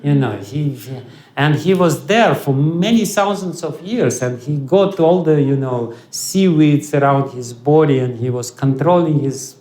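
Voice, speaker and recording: A man with a Russian accent giving a spiritual lecture, halting often with fillers and restarts. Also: fairly high pitch, a little mellow. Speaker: spiritual teacher. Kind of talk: lecture on scripture. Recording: echoey hall.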